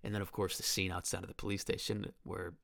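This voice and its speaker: A man's voice: sits low, flat delivery, fast, vocal fry, fairly bright tone, dry recording, studio quality. A man in his twenties hosting a podcast, talking through a horror film in a rambling, enthusiastic way. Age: 20s. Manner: enthusiastic, rambling, with restarts and quoted lines. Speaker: podcast host. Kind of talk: casual film commentary podcast.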